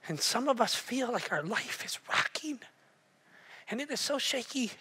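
A man preaching a sermon as pastor, telling a story with lively acted-out voices and questions to the congregation. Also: very high-pitched, measured pace, long pauses, breathy edge. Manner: animated storytelling, acts out voices, asks the room questions.

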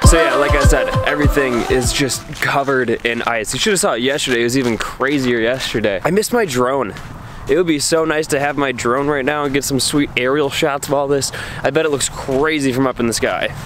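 A man's voice: mid-range voice, brisk, music in the background. A young man talking casually to his viewers on a handheld camera, outdoors in freezing weather and cold enough that it shows in how he talks. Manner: chatty, addresses viewers directly. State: cold, shivering. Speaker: vlogger. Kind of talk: casual vlog chat.

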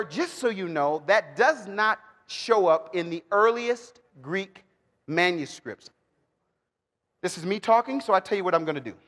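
A man teaching the Bible to a live audience, animated and joking, calling for responses and bursting into shouts. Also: high-pitched, normal speed. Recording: long hall reverb.

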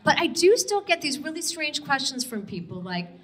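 A middle-aged woman doing an energetic stand-up comedy set, talking to the audience and firing off quick questions. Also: high voice. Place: comedy stage with a live audience.

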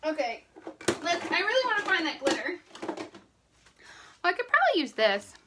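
Young female makeup vlogger, casual live chat; high, animated, bright voice, panicky edge. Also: unhurried, noisy background. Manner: jittery, panicky, laughing between lines.

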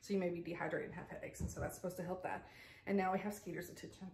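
A woman's voice: lowish voice, steady tone, racing, gravelly, darkish tone, reverberant, a little hiss or hum. A woman chatting casually at home as a vlogger, rambling with frequent asides and laughs. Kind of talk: casual unboxing chat. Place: home kitchen table with pets around.

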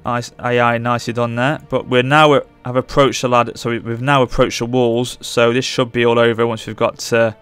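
Excitable man barking orders. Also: mid-range voice, brisk, few pauses, smooth. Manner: urgent, excitable, barks orders at units. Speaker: gaming channel host. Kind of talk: live gameplay commentary.

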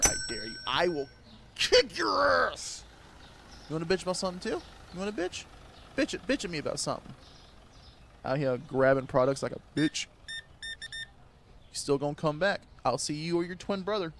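A man's voice: fairly high pitch, background noise. A man giving crude, joking commentary while playing a game, trash-talking the characters on screen and laughing often. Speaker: gaming YouTuber. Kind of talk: gameplay commentary.

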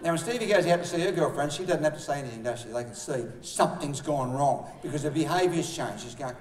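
A man's voice: a little high, lively intonation, fast. A man telling stories at a live seminar, acting out the voices he quotes. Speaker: seminar speaker. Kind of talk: live seminar talk to an audience. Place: large room with an audience. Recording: echoey room, voice from far off.

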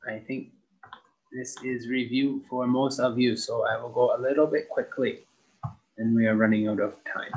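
A young adult man teaching an English grammar lesson, slowly stretching out key words as he models them for students. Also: medium pitch, steady tone, a little mellow, breathy edge, low-quality recording.

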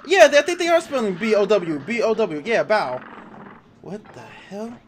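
A man commenting on a video game as he plays, excitable and swearing, laughing at his own fails. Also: high voice, moderate pace, a little hiss or hum. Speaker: gaming YouTuber. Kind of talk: let's play commentary.

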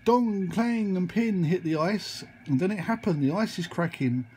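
A man telling a long, rambling made-up story, full of excited sound effects. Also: high voice, moderate pace, a little hiss or hum. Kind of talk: improvised storytelling.

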